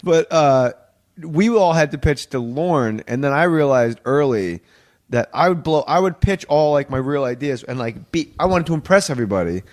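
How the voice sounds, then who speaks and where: A man in a casual podcast chat, telling animated, swearing anecdotes about his days as a sketch comedy writer and acting out the quotes. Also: on the high side, normal speed.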